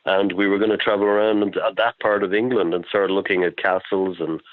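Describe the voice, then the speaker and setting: An Irish man tells his stories with eager, winding enthusiasm, his voice sitting very low. The sound is thin and phone-like, completely dry with no room around it. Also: level tone, a little fast, no room sound. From Ireland. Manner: enthusiastic, rambling anecdotes. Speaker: film-maker guest. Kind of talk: interview storytelling. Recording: dry tinny phone line.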